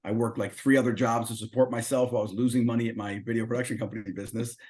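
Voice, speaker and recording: Racing along at medium pitch, this middle-aged interview guest relates his story casually. He's a lively narrator who performs the quoted dialogue himself.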